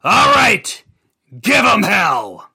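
A man's voice: high voice, huge pitch swings, drawn-out words, gravelly, breathy edge, voice pushed up, heavily acted. A man voicing a brutal, hot-tempered mob boss who barks threats. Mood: menacing. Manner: shouting threats.

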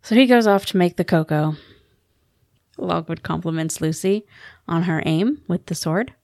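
A woman's voice: fairly low pitch, normal speed, darkish tone, no echo, clean studio sound. A woman co-hosting a podcast, chatting casually about a book and acting out its dialogue with a giggle. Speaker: podcast co-host. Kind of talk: casual book-club chat.

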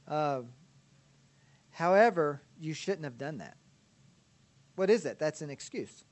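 A man with a high voice gives a teaching lecture on counseling. He talks in a relaxed, conversational way and often checks in with his listeners. He laughs easily as he explains. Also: takes it slowly, long pauses. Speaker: counseling instructor.

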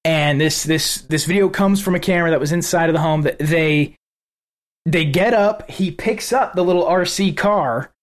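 A man with a slightly high voice co-hosts a casual podcast. He retells events in an animated way and swears freely. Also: moderate pace. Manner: profane, animated retelling of a news video. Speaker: podcast co-host. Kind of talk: casual political podcast chat.

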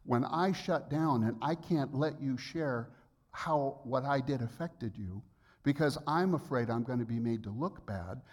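A man's voice: mid-range voice, a little slow, darkish tone. A pastor in his sixties preaching a sermon, telling a personal story and rising into emphatic outbursts. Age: 60s.

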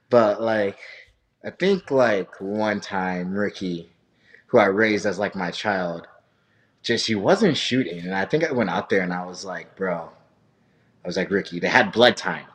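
A man who coaches wrestling chats loosely as a guest, his voice sitting a little low. He rambles through stories, swears freely and laughs often. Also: measured pace. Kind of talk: casual chat.

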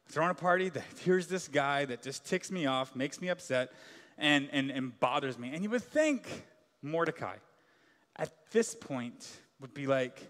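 A man's voice: fairly high pitch, a bit bright. A man preaching a sermon as pastor in a large church hall, casual and joking, full of filler words.

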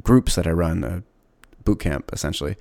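A man with a very low, gravelly voice talks on his own podcast in a candid, reflective way. He often stops and restarts mid-sentence. The sound is dry and close. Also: moderate pace, a little mellow, dry recording. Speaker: podcast host. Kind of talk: casual solo podcast monologue.

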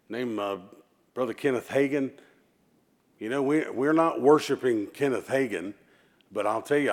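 Male pastor preaching with emphasis, folksy between scripture readings, mid-range voice. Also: mid-range voice. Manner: emphatic preaching with call-and-response. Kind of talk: sermon.

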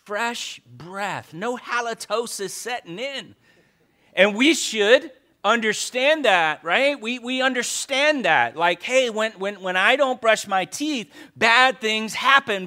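Male pastor, high and bright voice, conversational sermon delivery with repeated emphatic phrases.

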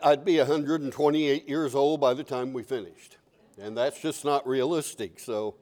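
A man's voice: on the high side, a little mellow. An older man preaching a sermon as pastor, conversational and repeating key phrases.

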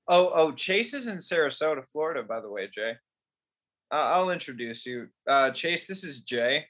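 A man's voice: on the high side, sing-song, normal speed, fairly bright tone. A young man hosting a casual chat, telling rambling, profane stories and laughing often.

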